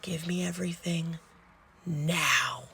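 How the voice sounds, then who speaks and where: A woman voicing a furious, stern female nurse as whispered role-play, low and clipped. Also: slow pace, vocal fry, sharp tone, slightly rough, heavily acted. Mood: seething.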